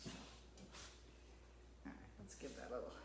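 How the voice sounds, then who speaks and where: Working through a casual sewing tutorial at home, the channel host chats away to her dog. She speaks at normal speed, with a reverberant sound and slight background noise.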